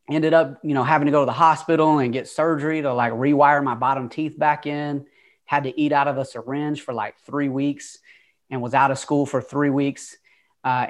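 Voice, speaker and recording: Man with a Southern twang. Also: fairly high pitch. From Atlanta, USA. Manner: open, earnest, conversational with fillers. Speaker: guest. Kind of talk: casual interview storytelling.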